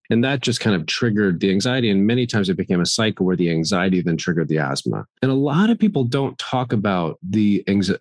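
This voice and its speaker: A middle-aged man talking candidly as an interview guest, earnest and animated, acting out his inner voice at times. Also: deep voice, dry recording, clean studio sound. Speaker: guest actor.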